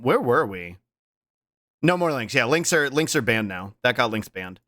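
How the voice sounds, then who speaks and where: Animated, bright-voiced male streamer. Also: medium pitch, dry recording. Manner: animated, laughs loudly, slips into quick character voices. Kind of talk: casual live-stream chat.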